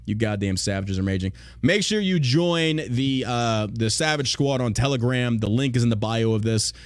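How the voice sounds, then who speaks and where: A man's voice: medium pitch, moderate pace, clean tone, no echo, clean studio sound. A man hosting a podcast, talking bluntly and profanely in a mocking, opinionated rant. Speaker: podcast host.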